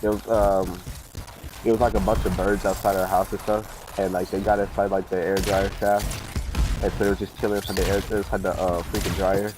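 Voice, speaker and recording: A man's voice: deep voice, level tone, fairly quick, noisy background. A young man casually telling a rambling, profanity-laced story while playing a game. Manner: profane, rambling, full of fillers. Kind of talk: casual storytelling during gameplay.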